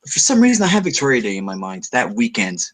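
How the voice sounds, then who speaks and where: A man from Canada chatting casually about comics, blunt and animated. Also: medium pitch, fast talker. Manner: animated, swearing, blunt opinions. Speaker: co-host. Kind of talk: casual chat.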